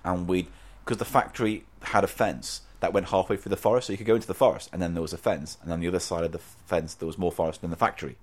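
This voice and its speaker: A man, a podcast co-host telling a childhood story in casual chat, deadpan. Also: low-pitched, fast talker, hardly any pauses.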